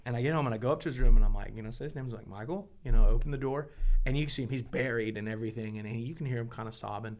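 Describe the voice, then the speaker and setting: A male pastor speaks as a podcast guest, rattling through a family story at a brisk clip. His voice sits mid-range, lively and animated, and he keeps dropping in casual asides as he goes. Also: mid-range voice. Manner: animated, rapid, full of "you know" asides.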